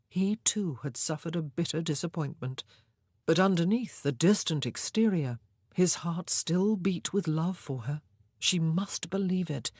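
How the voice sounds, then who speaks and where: A woman narrating a historical novel in a measured, expressive storytelling voice. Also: low voice, no echo, studio quality. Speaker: audiobook narrator.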